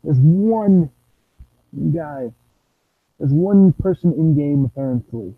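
A man's voice: fairly high pitch, expressive, takes it slowly, husky, dry recording. A young man giving rambling, playful commentary while streaming a game. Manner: rambling, playful, sings nonsense sounds. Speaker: gameplay streamer. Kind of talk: casual gameplay commentary. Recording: tinny lo-fi dry mic.

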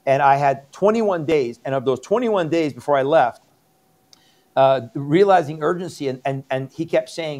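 His voice is on the high side and a little mellow, at normal speed. This middle-aged Iranian pastor, appearing as an interview guest, testifies about his conversion with earnest, emphatic repetition.

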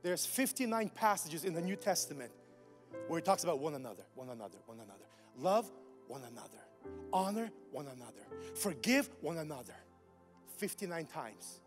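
A man preaching a sermon to his church, animated, swinging between quiet asides and shouted points. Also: a little high, fairly quick, big-room sound, over music. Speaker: pastor. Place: church sanctuary.

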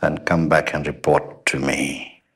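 Man as a proud, deep-voiced navy officer. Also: flat delivery, a little slow, fairly bright tone, slightly rough, heavily acted. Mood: boastful.

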